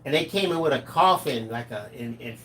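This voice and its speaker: Middle-aged guy telling stories on a live stream, animated, acts out the quotes, faint hiss behind. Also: medium pitch, a little fast. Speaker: co-host of a live craft stream. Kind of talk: casual storytelling chat.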